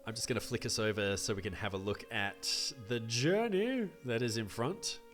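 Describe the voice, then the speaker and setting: A man's voice: medium pitch, lively intonation, normal speed, fairly bright tone, soft background music. Man running a tabletop game. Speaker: game master.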